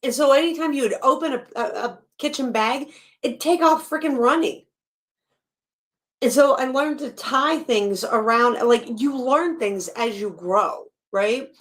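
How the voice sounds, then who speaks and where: A woman hosting a live stream, reacting to a podcast in blunt, animated casual talk and swearing freely. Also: high-pitched, measured pace.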